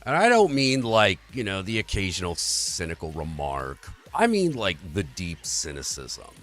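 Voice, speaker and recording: A man's voice: low voice, huge pitch swings, moderate pace, fairly bright tone, soft background music. A man hosting a livestream, in an earnest, rambling and profane rant about society. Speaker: livestream host. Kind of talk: casual political rant.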